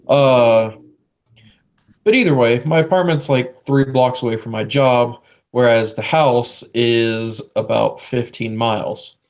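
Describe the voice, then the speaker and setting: A man's voice: medium pitch, fairly even intonation, unhurried, darkish tone, lo-fi sound. A young man co-hosting a casual podcast, laid-back, swearing and saying "like" a lot. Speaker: podcast co-host. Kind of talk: casual chat.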